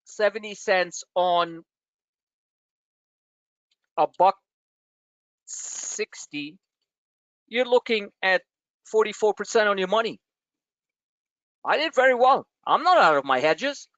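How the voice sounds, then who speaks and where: A trading coach gives live market commentary on a group video call in a high-pitched voice, speaking slowly with long pauses. He's brash, animated, and blunt, and his voice jumps up on emphatic points. The recording is dry and muffled.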